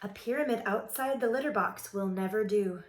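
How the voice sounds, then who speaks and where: A woman's voice: mid-range voice, normal speed, reverberant, close to an everyday voice. A woman voicing a fussy, firm cat mother in a storybook read-aloud, scolding and exclaiming.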